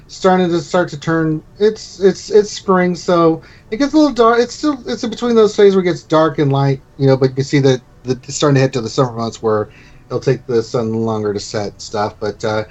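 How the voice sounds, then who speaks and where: A man's voice: a little high, animated, a little fast, a little mellow, muffled recording. A man narrating as game master of a tabletop game, in a loose, rambling way.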